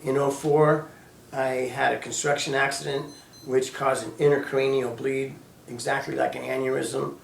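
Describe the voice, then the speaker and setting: A man in his fifties telling his own story as personal testimony, halting and sporadic, with many restarts. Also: medium pitch, flat delivery, vocal fry, a little hiss or hum. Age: 50s. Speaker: storyteller recounting his own near-death experience. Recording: echoey room, voice heard from a distance.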